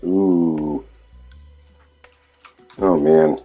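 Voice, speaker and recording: A man's voice: very deep voice, steady tone, dark tone, soft background music. Joking man on dull lo-fi call audio. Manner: playful, jokey, quick to react. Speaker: stream guest. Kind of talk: casual chat on a live stream.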